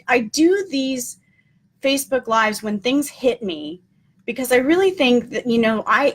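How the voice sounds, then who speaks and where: A woman's voice: on the high side, a bit bright. A woman hosting a casual live stream, talking in an earnest, encouraging way with frequent ums and repeated key points. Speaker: motivational host.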